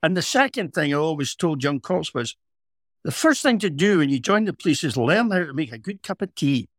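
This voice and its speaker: A middle-aged Scottish man, a former police officer co-hosting a podcast, telling a story in a measured, reflective way. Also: a little high, big pitch swings, fairly bright tone, dry recording, studio quality. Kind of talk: casual storytelling.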